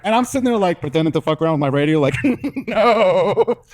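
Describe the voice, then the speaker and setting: A young man from Mexico performs stand-up, telling lively stories from a stage. His voice sits fairly high for a man. He leaps up in pitch whenever he acts out the people in his tales. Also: racing, a little hiss or hum. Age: young adult. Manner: animated storytelling, acting out others' voices with big pitch jumps. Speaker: stand-up comedian. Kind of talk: stand-up comedy set. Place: comedy stage before a live audience.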